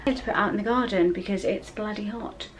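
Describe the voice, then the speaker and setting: An English woman in her thirties chats to her vlog camera in a rambling, easygoing way, often stopping to correct herself. Her voice sits at an ordinary middle pitch. Faint hiss runs under the recording. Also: fast, rough recording. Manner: chatty, rambling, self-correcting. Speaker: vlogger. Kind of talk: casual vlog chat.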